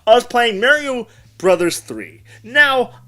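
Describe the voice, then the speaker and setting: Chatty male host, very animated and bright, with quiet music underneath. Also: extremely high pitch, slow. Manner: rambling, animated, self-correcting. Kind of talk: casual interview chat. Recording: background music.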